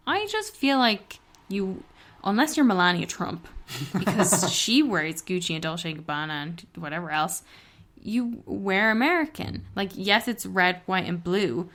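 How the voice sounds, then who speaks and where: A woman's voice: on the low side, fairly bright tone. Chatty woman co-hosting a book podcast. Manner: chatty, candid, swears casually. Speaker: podcast co-host. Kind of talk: casual book club chat. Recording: traffic noise from an open window.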